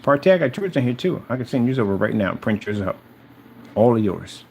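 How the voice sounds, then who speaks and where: A man's voice: medium pitch, big pitch swings, fairly quick, vocal fry, darkish tone, slight background noise. A man in a mocking, confrontational rant aimed at someone who isn't there, repeating his jabs over and over. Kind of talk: taunting rant addressed to someone absent.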